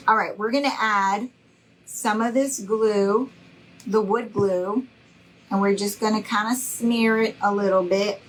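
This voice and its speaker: A woman's voice: mid-range voice, steady tone, a little slow, slight background noise, low-quality recording. A middle-aged woman, giving a live craft tutorial in a chatty, reassuring way and greeting viewers by name. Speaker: craft instructor.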